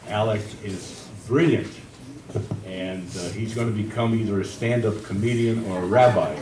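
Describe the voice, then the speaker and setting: A gentle, soft-spoken man with a lowish voice guides a memorial service. He sounds distant and echoey in a large hall, with a clear hum of ambient noise behind him. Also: steady tone, moderate pace. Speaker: officiant of the service.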